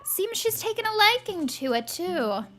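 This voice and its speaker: A woman's voice: very high-pitched, very animated, normal speed, a bit bright, a little hiss or hum. A woman streamer commenting on her game in a haughty, mocking evil-queen persona. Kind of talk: in-character gameplay commentary.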